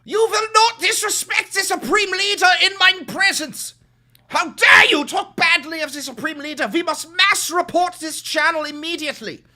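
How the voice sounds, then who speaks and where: A man's voice: very high voice, moderate pace, sharp tone, pitched above the performer's own voice, heavily acted. A man voicing a shrieking, fanatical male loyalist with hysterical, mock-German outbursts, mocking his hecklers in a live stream. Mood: hysterical outrage.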